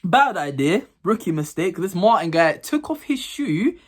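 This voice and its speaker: Young guy, vlogger, lively storyteller with a bouncy, up-and-down voice who laughs along. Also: sits high, a little slow. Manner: animated, laughs while telling stories. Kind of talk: casual storytelling to camera.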